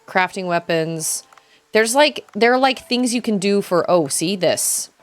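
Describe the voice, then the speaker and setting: A woman's voice: medium pitch, animated, unhurried, soft background music. A young woman streaming a game, chatting casually, reading chat aloud and yelping during fights. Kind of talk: casual gameplay commentary.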